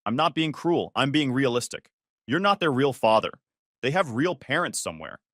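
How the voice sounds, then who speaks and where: A cold, dismissive older mother, read by a man who talks as if she is the only sensible one. Her voice rises and falls with lively swings of pitch. The sound is close and dry, with no room around it. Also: moderate pace, dry recording. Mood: condescending. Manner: dismissive, falsely reasonable.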